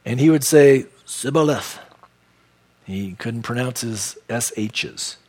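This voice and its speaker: A man's voice: mid-range voice, measured pace, darkish tone. A man from San Diego teaching verse by verse through a Bible passage as pastor, with conversational, folksy asides.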